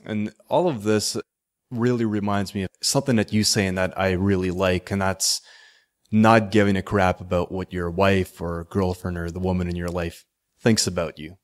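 A man's voice: deep voice, fairly even intonation, moderate pace. A man hosting a podcast interview, asking thoughtful questions. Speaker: podcast host.

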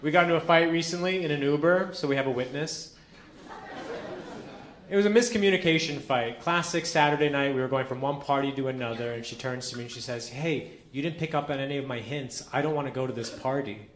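A male comedian tells his story with dry exasperation and often sinks low and quiet for asides. The live club recording sounds roomy, with faint noise underneath. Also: brisk. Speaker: stand-up comedian. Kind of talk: stand-up routine.

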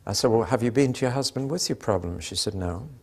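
A man's voice: on the low side, fast talker, slightly rough. An older man preaching a sermon, telling anecdotes with dry humour and acting out the dialogue.

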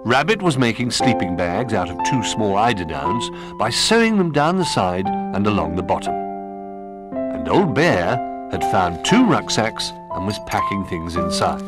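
A man narrating a children's storybook in a gentle, expressive manner. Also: fairly low pitch, a little slow, loud music behind the voice.

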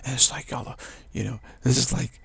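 A man's voice: mid-range voice, fairly even intonation, brisk, vocal fry, fairly bright tone, breathy edge, no echo. A man giving a spiritual talk, taunting and challenging in a mocking tone. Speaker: spiritual teacher.

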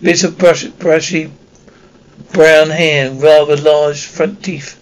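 A man's voice: fairly high pitch, level tone, slow pace, low-quality recording. A man reading a children's novel aloud, stumbling and restarting words often. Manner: reads with frequent slips and restarts. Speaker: audiobook reader.

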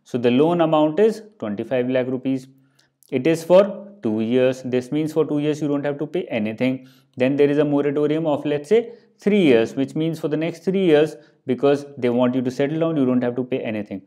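A man's voice: a little high, fairly quick, warm tone. Indian man teaching finance terms. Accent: Indian English. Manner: explains with worked examples, frequent "let's say" and "okay". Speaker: exam prep teacher. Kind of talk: explanatory lecture.

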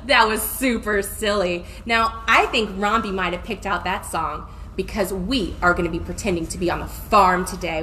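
A woman's voice: medium pitch, pushed and bright, slight background noise. A young woman teaching a music and movement class for small children, reading a story and singing in a playful, exaggerated way with lots of gasps. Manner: sing-song, gasping, playful and exaggerated.

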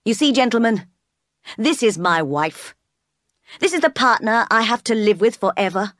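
A woman reading aloud as a stern, brooding middle-aged gentleman who speaks in a growling, commanding way. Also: on the high side, expressive, normal speed, no echo, clean studio sound, pitched above the performer's own voice. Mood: bitter.

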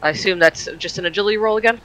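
A man's voice: high-pitched, very fast, bright, forceful tone, low-quality recording. A man playing in a tabletop game, chatty and self-deprecating about rules. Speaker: player.

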